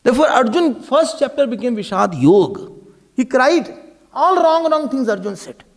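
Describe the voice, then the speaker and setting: A man with an Indian English accent giving a spiritual discourse on scripture, animated and sprinkling in Hindi and Sanskrit terms. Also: extremely high pitch, normal speed. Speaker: spiritual teacher.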